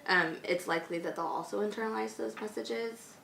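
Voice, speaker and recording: A woman talks in a gentle, thoughtful way, often pausing on fillers. Her voice sits at a middle pitch. The room around her is echoey, with a faint hum of noise. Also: creaky. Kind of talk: conversational discussion.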